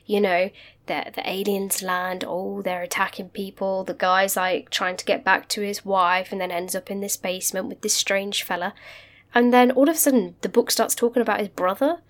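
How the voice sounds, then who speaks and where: A young woman chats casually as a podcast co-host. She talks in a mid-range voice and tells lively, rambling stories, laughing often as she goes. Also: medium pitch, normal speed. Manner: chatty, animated storytelling with frequent laughs. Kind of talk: casual chat.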